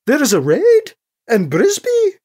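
Brief: narrator putting on an upbeat male engineer, clearly higher and brighter, chirpy and a bit naive. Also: wildly swooping pitch, unhurried, heavily acted. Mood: alarmed.

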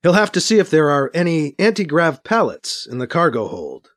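A man reading a science fiction story as narrator, in steady storytelling narration. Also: a little high, moderate pace. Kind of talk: scripted narration.

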